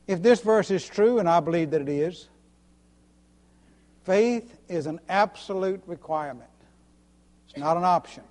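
A man's voice: high voice, unhurried, long pauses, a little mellow, long reverb tail. A male preacher giving a sermon, earnest and repeating key lines for emphasis.

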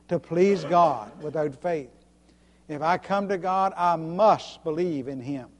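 High-voiced preacher in an echoing hall. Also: male voice, a little mellow. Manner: repeats key lines for emphasis, earnest. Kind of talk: sermon.

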